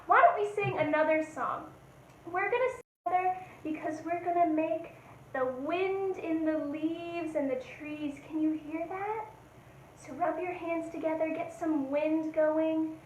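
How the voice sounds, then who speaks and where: A woman's voice: high voice, a little slow, slight background noise. A woman leading a children's music lesson, upbeat and encouraging, chanting and singing along. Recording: echoey room with instrument. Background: instrument played.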